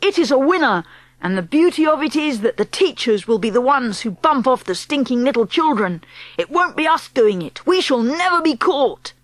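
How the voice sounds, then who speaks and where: A woman voicing a crowd of excited, adoring witches who shout fawning praise in an audiobook. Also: moderate pace, no room sound. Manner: shrill, fawning cries.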